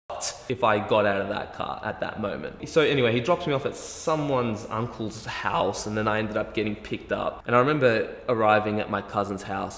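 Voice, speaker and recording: Swearing young Australian man telling a story. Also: lowish voice. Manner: animated, heavy swearing, self-mocking. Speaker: vlogger. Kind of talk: storytelling monologue. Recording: roomy echo, long reverb, faint music.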